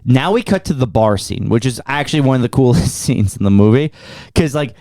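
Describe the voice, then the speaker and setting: A man hosts a relaxed podcast and recaps a film's plot point by point. His pitch moves around a lot. The sound is dry and close. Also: fairly quick, no echo. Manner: recaps the plot scene by scene, animated. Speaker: podcast host. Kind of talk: casual movie review chat.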